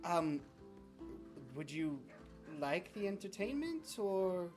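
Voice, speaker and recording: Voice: mid-range voice, big pitch swings, slow, darkish tone, soft background music. A game master voicing a polite, flustered female tiefling who runs a brothel, speaking hesitantly in a tabletop game.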